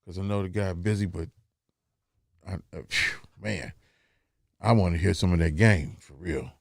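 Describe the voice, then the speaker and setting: A man's voice: low voice, normal speed, gravelly, slight background noise. A man hosting a casual podcast, laid-back and slangy, joking his way through a technical hitch. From Cincinnati. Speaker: podcast host.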